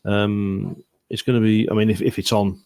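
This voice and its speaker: A man with a lowish, level, creaky, and warm voice co-hosts a casual sports podcast, recorded dry. His chat is quick and full of fillers, with frequent "to be fair" asides.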